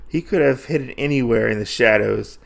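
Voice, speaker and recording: A man's voice: medium pitch, fairly quick, vocal fry. A man voicing a ruthless female archer assassin who gloats over her prey, retold in a comic recap. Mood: gloating.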